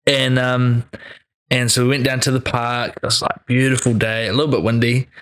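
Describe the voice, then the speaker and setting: A young man chats as a guest in a relaxed, amused way. His voice sits at an ordinary mid pitch. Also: normal speed, clear, resonant tone. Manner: relaxed, laughing, easygoing storyteller. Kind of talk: casual chat.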